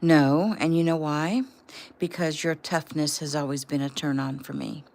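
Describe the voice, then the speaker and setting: A man's voice: on the high side, steady tone, normal speed, creaky, darkish tone. A woman reading the part of an affectionate young husband in a storybook. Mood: teasing.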